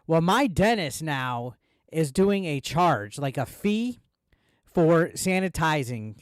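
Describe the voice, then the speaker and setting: A man's voice: a little high, very animated, slow, smooth, no echo, clean studio sound. A man ranting on a casual live stream, heated, swearing a lot and repeating himself. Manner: profane, heated ranting with filler words.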